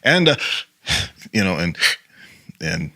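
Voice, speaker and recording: A man's voice: low voice, big pitch swings, slow, gravelly, sharp tone. A man speaking as a guest on an interview, an acting and improv teacher talking casually with many "you know" fillers.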